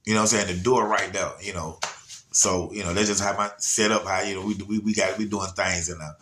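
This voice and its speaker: A man, telling a story in a slightly low voice. He rambles in a laid-back way, circling back and checking in with his listeners. It is casual, unscripted storytelling. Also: steady tone, fairly quick, a bit bright, slight background noise. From Atlanta area, USA. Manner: rambling, laid-back, frequent "you know what I'm saying".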